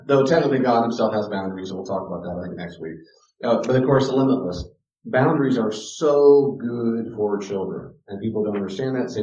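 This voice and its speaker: A middle-aged man giving a sermon-style teaching, animated, often acting out children's voices. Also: on the low side, brisk. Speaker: pastor teaching a class. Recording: echoey room, dull lo-fi sound.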